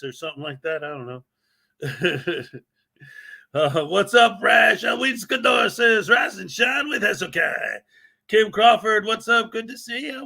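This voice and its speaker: A man's voice: sits high, creaky, sharp tone, husky. Upbeat man greeting live chat viewers. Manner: upbeat, joking, reads viewer names aloud. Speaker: livestream host.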